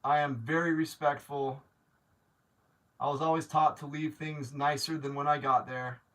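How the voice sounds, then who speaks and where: A man's voice: fairly high pitch, level tone, normal speed, a bit bright, distant mic. A man hosting a casual live stream, chatting to viewers, rambling with many restarts and growing openly grateful. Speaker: livestream host.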